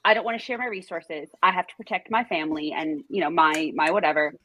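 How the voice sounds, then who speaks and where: A woman guest in a casual TV reaction chat, talkative and stopping to quote herself in a higher voice. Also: fast talker, pushed and bright, poor audio.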